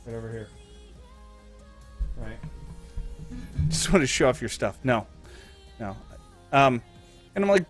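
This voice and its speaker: A young man streaming live, ranting and telling stories in a casual, profane, animated way. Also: fairly high pitch, normal speed, pauses often, soft background music.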